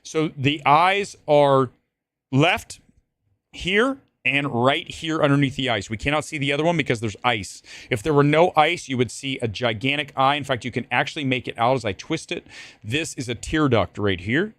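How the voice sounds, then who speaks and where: A man's voice: medium pitch, normal speed, fairly bright tone, no echo, studio quality. A man hosting a live-stream movie talk show, rambling, joking and cursing as he goes. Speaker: host.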